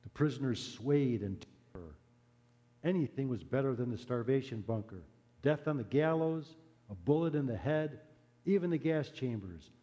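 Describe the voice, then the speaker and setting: A man preaching a sermon who tells a story in an earnest, measured way and drops to a hush at solemn moments. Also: mid-range voice, long reverb tail, muffled recording.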